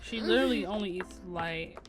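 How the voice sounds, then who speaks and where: A woman's voice: medium pitch, a little fast. A young woman casually narrating a life-sim game, chatty and voicing the characters' lines as she plays. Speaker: gaming YouTuber. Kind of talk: casual let's play commentary. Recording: game music playing underneath.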